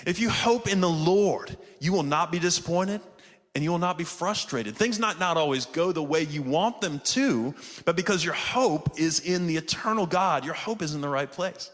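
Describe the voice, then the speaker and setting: The man's voice is a little high, a bit bright and animated, moving at a moderate pace with a long reverb tail behind it. He is a pastor preaching a conversational sermon in a sanctuary that is streamed online, seeking responses from those in the pews and those watching online.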